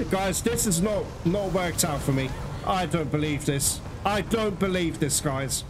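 Excitable man doing gameplay commentary. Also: high voice, unhurried, noisy background. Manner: excitable, swears and laughs often; talks straight to viewers. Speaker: gaming video host. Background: loud game music.

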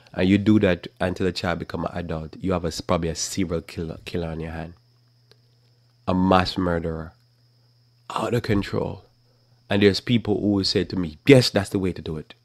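A man preaches Bible commentary in a forceful, scolding way, now and then mocking the people he argues against. His voice sits low with a gravelly edge, and the recording is dry and close. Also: no echo. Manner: casual speech with repeated restarts. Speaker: preacher hosting a live talk program.

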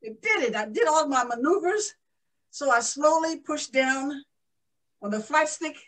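A woman's voice: high-pitched, animated, measured pace, fairly bright tone, distant mic, poor audio. A woman playing a proud, emotional young woman aviator in a first-person living-history monologue. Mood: jubilant, then calm. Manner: exclaiming, breathless with joy. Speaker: historical portrayal performer.

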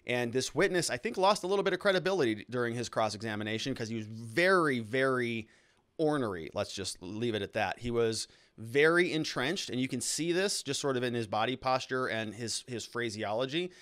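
A man's voice: medium pitch, animated, a little fast, fairly bright tone. Man giving casual legal commentary. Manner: conversational, explains step by step. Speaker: lawyer hosting a trial analysis show.

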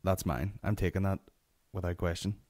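A man's voice: sits low, steady tone, normal speed, darkish tone. A young Northern Irish man hosting a solo comedy podcast, telling a rambling, sweary anecdote. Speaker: podcast host.

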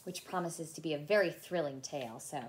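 A woman childcare teacher reading a picture book aloud to young children in an expressive storytelling voice. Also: sits low, brisk, slight background noise.

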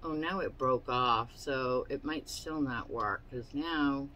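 Slow-talking chatty woman vlogger. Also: very deep voice, pushed and bright, a little hiss or hum, poor audio. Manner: chatty and rambling, with fillers and asides. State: hiccups. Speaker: crafting channel host. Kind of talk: casual product show-and-tell. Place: her home.

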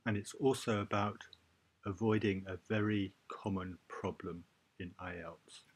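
A man's voice: fairly low pitch, steady tone, measured pace, breathy edge. A male teacher giving an exam-prep reading lesson, who explains step by step and stresses key points. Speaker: IELTS teacher.

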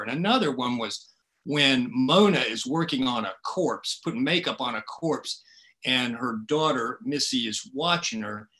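A man's voice: medium pitch, expressive, normal speed, sharp tone. A man from South Carolina, a writer interviewing a fellow author in a casual, folksy and wry way. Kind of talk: casual conversation.

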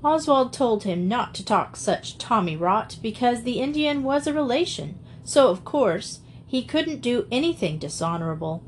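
A woman's voice: fairly high pitch, big pitch swings, normal speed, few pauses, slight background noise. A woman reading a classic children's novel aloud as an audiobook narrator, giving the characters light voices. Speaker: audiobook reader.

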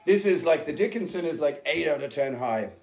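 A man's voice: a little high, animated, brisk, vocal fry, a little mellow, faint music behind. A middle-aged man who sings heavy metal, explaining his vocal technique in a casual, rambling, unprepared way with plenty of fillers. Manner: rambling, informal, with many fillers. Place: band rehearsal room. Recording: roomy rehearsal room echo.

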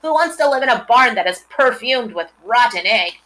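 A woman's voice: on the high side, expressive, moderate pace, bright, forceful tone, voice pushed up, rough recording. A woman voicing a complaining young lamb in a storybook reading, whiny and indignant.

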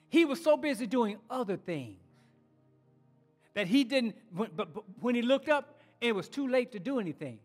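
A man's voice: very high-pitched, big-room sound. A male pastor preaching a sermon, urging his congregation on and often restarting and repeating words as he speaks.

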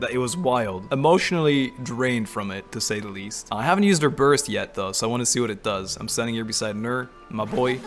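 A man giving excited, casual commentary while playing a video game, often laughing and exclaiming. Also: mid-range voice. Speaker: gaming video creator.

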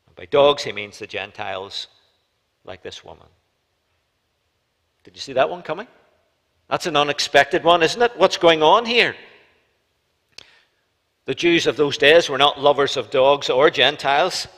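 A man's voice: on the high side, expressive, measured pace, long pauses, fairly bright tone. Northern Irish man preaching in a reverberant church. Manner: rhetorical questions, rises and drops in volume for emphasis. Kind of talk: sermon. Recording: church live stream with long reverb.

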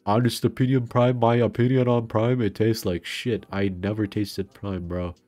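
Deep-voiced young man ranting on stream. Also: level tone, moderate pace, a little mellow, no room sound. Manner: swearing, ranting in frustration. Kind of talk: casual gaming stream chat. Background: faint background music.

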